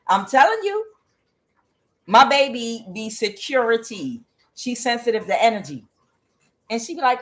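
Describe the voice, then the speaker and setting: A woman's voice: on the high side, big pitch swings, measured pace, long pauses, fairly bright tone, rough recording. A woman giving a casual tarot reading, talking bluntly with profanity and drifting into rambling asides to her cat. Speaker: tarot reader.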